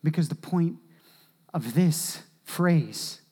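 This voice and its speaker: Male pastor, sermon delivery, very animated, wide swings from shouting to near-whisper. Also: fairly high pitch, takes it slowly, breathy edge.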